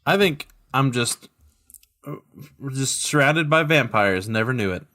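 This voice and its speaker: A man's voice: medium pitch, expressive, a little slow, pushed and bright. A man playing in a tabletop role-play, with dry, jokey asides. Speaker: player.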